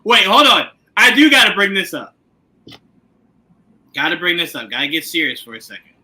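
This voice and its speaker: A man hosts a laid-back recap chat, joking and breaking into quick comic impressions. His voice sits high and rings very bright. His pitch swings widely from line to line. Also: very animated, poor audio. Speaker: podcast host.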